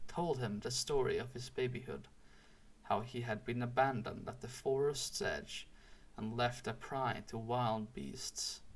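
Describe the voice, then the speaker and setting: A man reading a storybook aloud in a slow, deliberate and expressive way. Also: mid-range voice. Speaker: audiobook reader. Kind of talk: storybook read-aloud narration.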